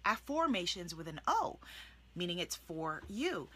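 A woman's voice: on the low side, a little slow, slightly rough. A woman life coach giving an enthusiastic motivational talk to camera, acting out her affirmations as she goes. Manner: enthusiastic, animated, shifts into soft demonstrative affirmations. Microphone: video recording for online channel.

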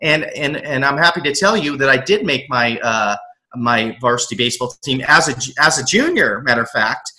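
A man's voice: mid-range voice, expressive, normal speed, bright, forceful tone, rough recording. A man telling his personal story as an interview guest, earnest, acting out his younger self as he recalls it. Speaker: guest, aspiring motivational coach.

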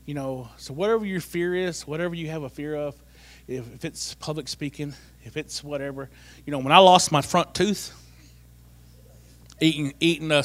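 Animated man giving testimony. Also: on the high side. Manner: animated, repeats phrases for comic effect. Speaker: church member giving testimony. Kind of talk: personal testimony storytelling.

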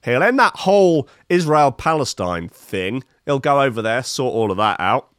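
A man's voice: medium pitch, sing-song, moderate pace, a bit bright, dry recording, clean studio sound. A man in his fifties reading odd news stories and adding wry, rambling comic asides, with many fillers. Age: 50s. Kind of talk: casual comic news commentary.

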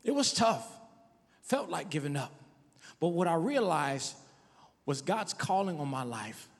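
A man's voice: a little high, big pitch swings, a little slow. Man preaching in a reverberant hall. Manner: testimonial preaching, shifting from soft to emphatic. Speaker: pastor. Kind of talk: sermon.

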